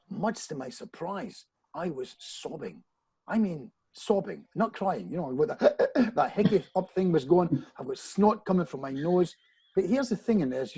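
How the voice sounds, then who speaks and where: Gravelly, animated male storyteller. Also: a little high, no room sound, poor audio. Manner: animated storyteller who often restarts phrases and addresses the host directly. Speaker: hypnotist guest. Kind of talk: storytelling anecdote in a podcast chat.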